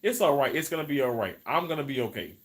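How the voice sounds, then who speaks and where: A man hosts a casual live stream, drifting from one thought to the next. He restarts phrases, repeats words and calls his viewers y'all. His pitch sits at an ordinary middle height. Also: very animated, quick pace, noisy background. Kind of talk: casual live stream chat reading comments.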